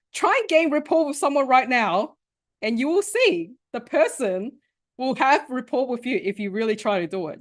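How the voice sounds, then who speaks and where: A woman coach teaching an interactive online workshop, talking casually, often checking in with "right?" and laughing, heard over a video call. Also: on the high side. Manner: animated, conversational, often asks "right?" and laughs. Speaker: sales and communication coach.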